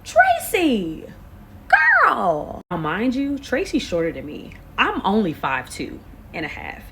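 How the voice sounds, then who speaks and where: A woman in her late twenties telling a storytime to camera, animated and expressive, full of slang. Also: on the low side, normal speed, background noise. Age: late 20s. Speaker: vlogger. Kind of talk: casual storytime.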